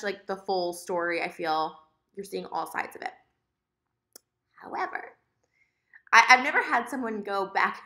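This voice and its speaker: Fast, bright-voiced woman vlogger ranting. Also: medium pitch, vocal fry. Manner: rambling, heavy on filler words, emotional. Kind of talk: casual storytime rant to camera.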